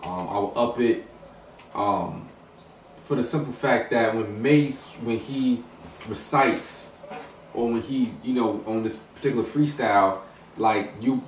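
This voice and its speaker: Rambling man, distant echoey mic. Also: medium pitch. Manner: rambling, many restarts and fillers. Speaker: hip hop discussion panelist. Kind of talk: casual discussion. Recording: roomy echo, distant mic, some noise.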